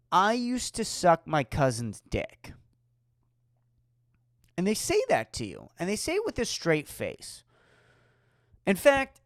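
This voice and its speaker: A woman's voice: on the low side, no echo, studio quality. A woman hosting a solo podcast, ranting with profane, sarcastic rhetorical questions. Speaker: podcast host.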